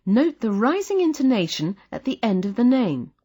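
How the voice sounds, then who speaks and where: A woman guiding learners through a language lesson in a patient, encouraging way. Her voice has a slight huskiness, and her pitch moves a lot. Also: very animated, moderate pace, warm tone, husky. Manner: patient, encouraging teacher's delivery. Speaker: course narrator. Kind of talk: scripted instructional narration.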